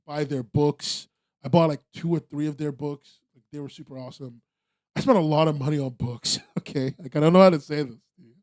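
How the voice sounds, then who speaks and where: A man's voice: on the high side, a little mellow. A young American man hosting a podcast, chatting casually in a rambling way with lots of fillers and restarts. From United States. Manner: rambling, laid-back, frequent fillers and restarts. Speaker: podcast host. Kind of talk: casual chat.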